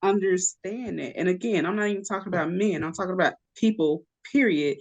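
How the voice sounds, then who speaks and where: A woman's voice: on the low side, a little fast, dull audio, crowd noise. Emphatic woman co-hosting a podcast. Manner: emphatic, argumentative. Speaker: podcast co-host. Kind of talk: casual podcast chat.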